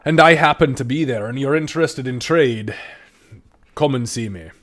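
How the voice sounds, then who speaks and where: A man's voice: mid-range voice, normal speed, fairly bright tone, lightly acted. A man doing a chatty dwarf trader. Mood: friendly. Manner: chatty, earnest, hesitant with fillers. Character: friendly male dwarf trader, chatty and businesslike.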